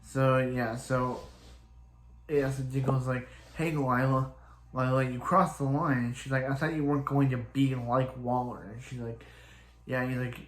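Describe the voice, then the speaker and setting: A man's voice: mid-range voice, level tone, reverberant. A man casually recapping a TV episode, rambling and restarting as he paraphrases each character. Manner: rambling, halting retelling full of restarts and "he's like". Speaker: show reviewer.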